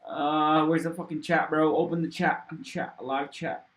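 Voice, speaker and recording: Young man, livestream coder, rambling, swears a lot, slightly high voice, echoey room. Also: fairly even intonation, measured pace, fairly bright tone. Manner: casual, rambling, swears often, talks to chat. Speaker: livestreaming programmer. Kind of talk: thinking aloud while coding on a livestream. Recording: roomy echo.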